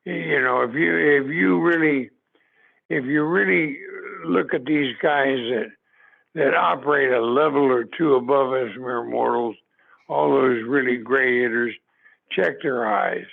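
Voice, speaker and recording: A man's voice: mid-range voice, unhurried, vocal fry. An older man, a former ballplayer, tells stories in a rambling way, restarting and repeating himself often. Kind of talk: anecdotal storytelling. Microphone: video call. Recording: tinny phone-like video call audio.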